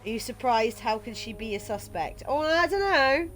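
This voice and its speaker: A woman's voice: a little high, expressive, moderate pace, fairly bright tone, faint music behind. A woman streaming a game playthrough, reading its text aloud and chatting casually, swearing now and then.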